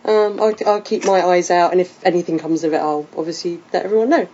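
British female podcast host, low register, rambling fillers, muffled recording. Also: fast, dark tone, breathy edge. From Britain. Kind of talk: casual chat.

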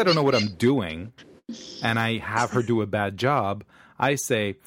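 A man's voice: medium pitch, measured pace, fairly bright tone. A man co-hosting a podcast in casual chat, playful and fond of absurd hypotheticals. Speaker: podcast co-host.

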